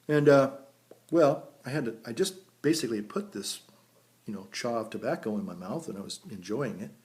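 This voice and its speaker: Folksy priest, mid-pitch voice. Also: male voice, animated, moderate pace, a little mellow. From United States. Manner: folksy and rambling, chuckles at his own stories. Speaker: priest and pipe vlogger. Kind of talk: casual storytelling vlog. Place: outdoors by a vineyard.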